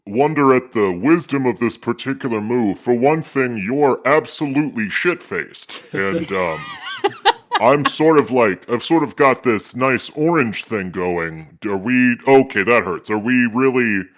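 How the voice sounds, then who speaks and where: A man voicing an aloof, fussy male house cat in a tabletop game, with a deep voice and a wry, grumbling manner. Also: animated, a little slow, close to an everyday voice. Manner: wry, reluctant, politely grumbling. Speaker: player. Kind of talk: tabletop role-play in character.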